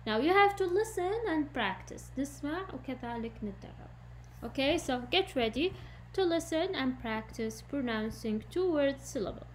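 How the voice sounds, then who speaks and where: This Arabic-speaking woman teaches English in a recorded class, giving explanations in English before restating them in Arabic. She speaks at a moderate pace in a high-pitched voice with lively intonation, and there's a little background noise.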